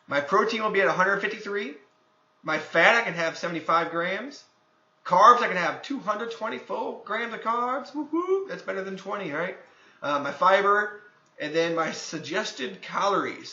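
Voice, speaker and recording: A man coaches viewers through a casual tutorial in a loose, conversational way, with plenty of filler phrases. His voice is bright and sits a little high. The sound is dull and lo-fi, with a roomy echo. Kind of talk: casual screen-recorded tutorial. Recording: echoey room, dull lo-fi sound.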